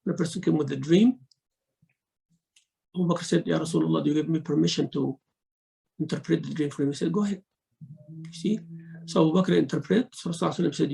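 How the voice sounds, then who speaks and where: Sheikh w giving a lesson, gravelly fairly high voice, quotes verses fast then explains. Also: male voice, warm tone, low-quality recording. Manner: mixes Arabic recitation into English teaching, acts out rude and polite speech. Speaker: sheikh teaching Quran commentary. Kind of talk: religious lesson.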